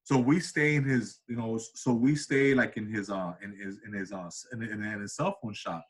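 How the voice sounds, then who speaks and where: A man's voice: brisk, breathy edge. A man in his thirties, an interview guest, telling a story in a casual way and acting out the voices of the people in it. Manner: animated, acts out quoted voices with big pitch jumps. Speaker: interview guest, comedian and cinematographer.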